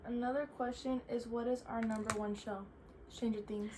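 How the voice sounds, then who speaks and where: Girl chatting casually for a vlog, says like constantly, kinda high voice. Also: noisy background. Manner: chatty, filler-heavy with frequent "like". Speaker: vlogger answering viewer questions. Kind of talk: casual chat.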